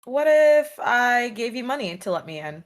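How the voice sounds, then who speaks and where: A woman playing a noble in a tabletop game, mixing a haughty tone in character with soft hesitations. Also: fairly high pitch, very animated, moderate pace. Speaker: player. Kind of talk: tabletop role-play.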